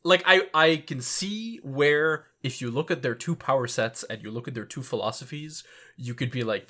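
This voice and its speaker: A man's voice: medium pitch, moderate pace, pushed and bright. A man co-hosting a podcast in casual chat, easygoing and teasing. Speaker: podcast co-host.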